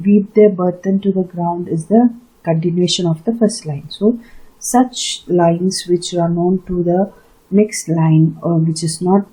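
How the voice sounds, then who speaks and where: A woman's voice: lowish voice, dark tone, husky, rough recording. A woman teacher from India explaining poetry terms in a recorded lecture, step by step with fillers and repetition. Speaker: literature teacher.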